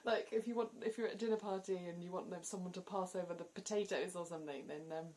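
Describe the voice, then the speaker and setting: A woman's voice: lowish voice, fairly even intonation, fast, a little mellow. A woman with a southern English accent, chatting casually to camera as a vlogger and laughing often between points. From southern England. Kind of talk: casual explanatory vlog.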